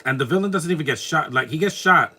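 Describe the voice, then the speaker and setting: A man's voice: on the high side, expressive, fast talker, bright, forceful tone, slightly rough. A man from New York with a New York accent, giving casual live commentary on a movie with joking, laughing reactions. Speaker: movie watch-along commentator.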